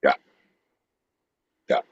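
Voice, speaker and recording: A man's voice: drawn-out words, no echo, muffled recording. A man co-hosting a comedy podcast, hesitant and stumbling, joking at his own expense. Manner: hesitant, stumbling, self-mocking. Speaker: podcast co-host. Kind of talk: casual comedic banter.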